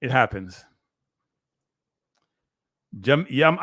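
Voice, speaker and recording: A man, a guest analyst giving excitable live play-by-play commentary on a match he is watching. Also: medium pitch, normal speed, long pauses, dry recording, studio quality. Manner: excitable, play-by-play that bursts into shouting.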